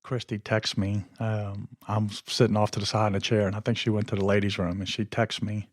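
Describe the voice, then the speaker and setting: A man's voice: lowish voice, level tone, a little fast, dry recording, clean studio sound. A man hosting his podcast, telling a story in a rambling, conversational way. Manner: rambling and conversational, often losing his train of thought. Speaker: podcast host. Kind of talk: casual storytelling monologue.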